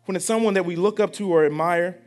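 A man's voice: sits high, fast talker, soft background music. A young adult man, preaching a sermon in a conversational style, repeating phrases and asking the congregation questions. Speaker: pastor.

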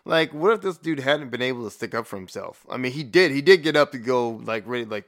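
A man's voice: medium pitch, lively intonation, fast, few pauses, fairly bright tone. A man giving a profane, rambling rant in blunt, casual commentary, with frequent restarts.

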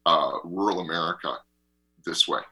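A man co-hosting a radio talk show, telling a rambling travel story in an animated way and laughing often. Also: low-pitched, normal speed, husky. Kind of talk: casual chat and travel storytelling.

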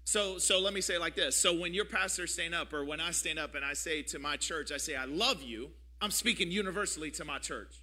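A middle-aged man preaches a sermon from the pulpit, leaning on repetition and drawing answers from the congregation. His voice sits high for a man and rings with a very bright, forceful edge. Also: fast, hardly any pauses. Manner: calls for audience response, repetitive preaching cadence; builds to louder, higher passionate preaching. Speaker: pastor.

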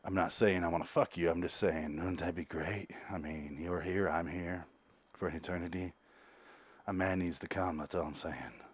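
A man voicing a leering young male ghost who talks in a low, hushed, insinuating way. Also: steady tone, normal speed, husky. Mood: sleazy.

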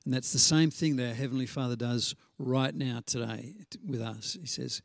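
A man's voice: mid-range voice, steady tone, dry recording. Preacher, male, mid-range voice, chatty sermon delivery with fillers and restarts, close dry sound. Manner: conversational storytelling with frequent fillers and restarts; slows down to stress scripture references.

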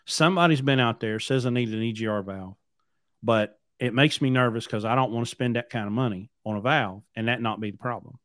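Brisk and fairly bright in tone, this mid-range male voice comes through in studio quality with no room sound. The trucking company owner, hosting his podcast, rambles bluntly through a long casual story, often repeating words.

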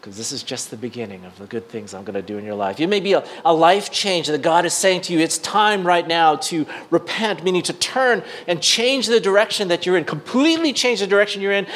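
Storytelling pastor, higher-pitched man. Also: animated, a little fast, few pauses, fairly bright tone. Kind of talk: sermon.

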